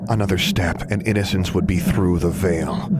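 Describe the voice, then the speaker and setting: A man narrating a story in a steady, even reading voice. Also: sits low, normal speed, heavy background noise. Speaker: audiobook narrator. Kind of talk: scripted narration.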